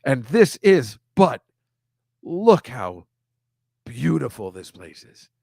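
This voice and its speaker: A man hosting a comedy show, talking casually and exasperated over a series of pictures, ranting with quick asides. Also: medium pitch, big pitch swings, creaky, warm tone, no room sound, studio quality.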